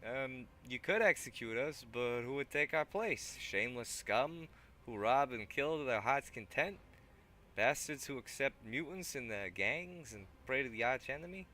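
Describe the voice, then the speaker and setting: A man's voice: medium pitch, lively intonation, moderate pace, bright, forceful tone, pitched above the performer's own voice. A man voicing a big, pockmarked male gang leader from a video game, brash and boastful, with a put-on accent that keeps drifting. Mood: grumbling. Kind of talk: reading game dialogue aloud.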